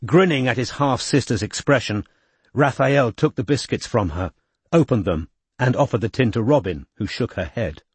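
An audiobook narrator, a man with a slightly rough, mid-range voice, reads a novel in scripted narration, measured and expressive. There's no room sound.

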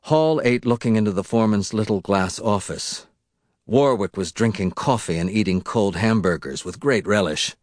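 A man narrates an audiobook in a measured, deliberate way. His voice sits low. The recording is dry, with little room sound. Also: no echo.

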